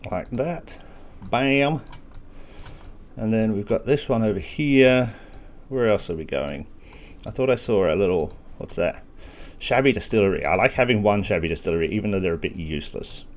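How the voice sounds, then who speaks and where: Male gaming host, lowish voice, casual walkthrough narration, self-mocking, has the hiccups. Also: expressive, normal speed. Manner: casual, thinking aloud with self-deprecating asides. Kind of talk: gameplay walkthrough commentary.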